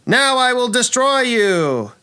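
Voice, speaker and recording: Guy putting on a hammy snake villainess, way higher than his own voice, slow booming threats. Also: sing-song, pushed and bright, smooth, full character voice. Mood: menacing. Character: grandiose female snake-monster villain, stagey actress.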